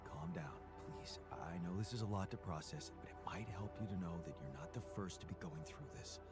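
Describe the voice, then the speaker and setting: An actor playing a patient man in a video game who calmly reassures and guides his newly made double in a measured, soothing way. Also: sits low, loud music behind the voice. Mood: reassuring. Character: calm male creator, patient, reassuring guide.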